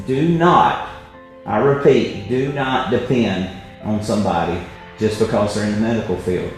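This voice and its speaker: A man presenting a health webinar, telling stories emphatically and tagging his points with "right?". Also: on the low side. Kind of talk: motivational health talk. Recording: very echoey room, faint music.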